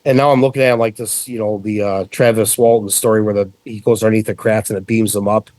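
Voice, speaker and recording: A middle-aged man from central New York, telling a story as a podcast guest in a casual, animated way with frequent swearing. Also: on the low side, fast, no room sound.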